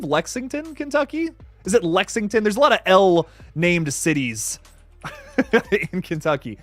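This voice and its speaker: A young man hosts a casual livestream, talking excitedly with frequent laughs and stumbling restarts. His voice sits a little high and swings widely in pitch. The sound is close and dry, with faint music in the background. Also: no room sound. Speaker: livestream host reading chat.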